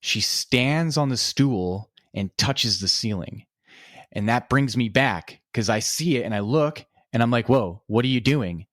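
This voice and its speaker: A man, a podcast guest, telling a story in a relaxed, casual way, with lots of filler words and swearing. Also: mid-range voice, a little slow, no echo, studio quality.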